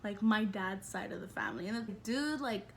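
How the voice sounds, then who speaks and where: A woman in her twenties, a vlogger telling a personal story in a chatty, animated way with lots of fillers. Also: mid-range voice, moderate pace, creaky, a little hiss or hum. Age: 20s. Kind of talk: casual storytelling.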